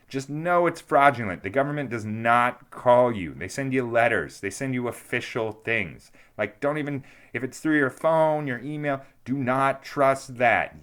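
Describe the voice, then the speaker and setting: A man's voice: fairly low pitch, fairly bright tone. A young man co-hosting a podcast, telling a story in a rambling casual way, full of fillers and restarts, raising his voice to act out quotes. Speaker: podcast co-host.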